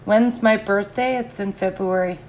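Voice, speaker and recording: A woman's voice: mid-range voice, steady tone, moderate pace, darkish tone, slight background noise. A middle-aged woman chatting casually and answering live comments, laughing often.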